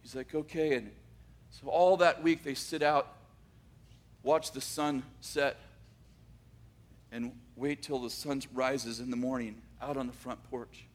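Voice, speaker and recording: A man telling a dramatic story, swinging from loud bursts to hushed asides. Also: mid-range voice, fairly even intonation, takes it slowly, long pauses.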